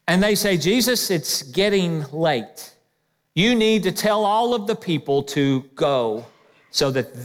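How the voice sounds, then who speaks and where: High-voiced pastor preaching in a reverberant hall. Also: male voice. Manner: lively preaching with quoted asides. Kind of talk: sermon. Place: church sanctuary.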